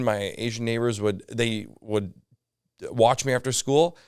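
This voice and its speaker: A man's voice: mid-range voice, measured pace, clean tone, no room sound, clean studio sound. A Canadian man, a comedian and podcast guest, telling stories in a casual chat full of asides and fillers. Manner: animated storyteller, lots of fillers and asides.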